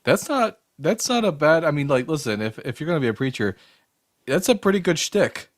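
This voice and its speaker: A man's voice: a little high, big pitch swings, fairly quick, no room sound. Joking co-host man, dry sound. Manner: joking, offhand. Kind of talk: casual live-stream chat.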